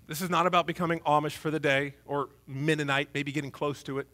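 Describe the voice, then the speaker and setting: A man preaching a sermon as pastor in a church, humorous and conversational with an animated delivery. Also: a little high, fairly quick. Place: church, before a congregation.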